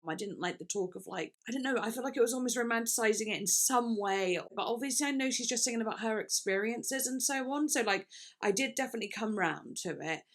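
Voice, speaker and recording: A woman's voice: on the high side, quick pace. A young woman chatting casually in a music reaction video, thinking aloud with lots of fillers and restarts.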